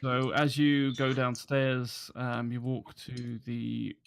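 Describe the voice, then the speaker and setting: A man's voice: medium pitch, level tone, slow pace, vocal fry, slight background noise. A man narrating as dungeon master in a tabletop game, hesitant and full of ums and restarts.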